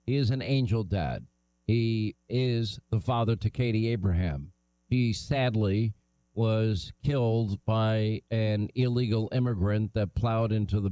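A middle-aged man hosting a talk radio show, brisk and opinionated as he interviews a guest. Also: fairly low pitch, dark tone, dry recording, rough recording.

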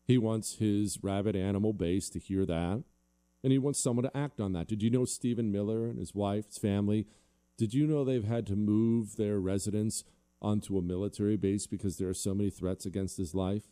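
A man's voice: fairly low pitch, fairly even intonation, a little fast, warm tone, clean tone. A male talk show host delivering a combative, sarcastic monologue and reading listener emails.

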